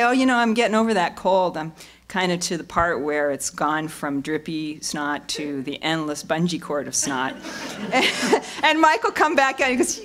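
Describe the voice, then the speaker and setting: A woman's voice: mid-range voice, fairly bright tone. A woman giving a comic roast speech as a radio co-host, laughing as she acts out the dialogue.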